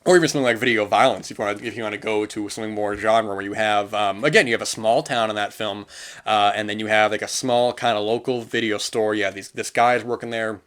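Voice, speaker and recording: A man's voice: lowish voice, fairly even intonation, fast, fairly bright tone. Rambling man reviewing films. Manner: rambling, many restarts and fillers, earnest. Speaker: podcast host. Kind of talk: casual film review monologue.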